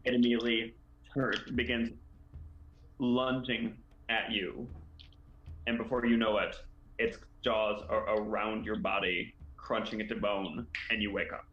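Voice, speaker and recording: A man narrating a tabletop game as game master, halting with many fillers, over an online call. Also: lowish voice, level tone, a bit bright. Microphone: computer mic, online call. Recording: echoey room, dull lo-fi sound, faint hiss.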